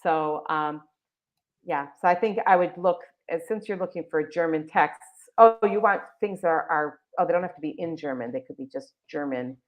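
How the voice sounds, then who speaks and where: A woman's voice: low voice, moderate pace. Chatty woman presenting a webinar. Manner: chatty, enthusiastic, many fillers and restarts. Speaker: webinar presenter for a text library. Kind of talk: live webinar walkthrough. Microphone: video call. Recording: dull lo-fi video call audio.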